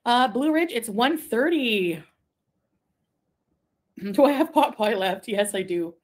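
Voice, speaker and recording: A woman from Quebec chatting casually on a live stream, reading viewer comments, rambling and giggling, sometimes trailing off into a soft mumble. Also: a little high, expressive, slow pace. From Quebec, Canada. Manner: rambling, easily distracted, giggly asides. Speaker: livestreamer.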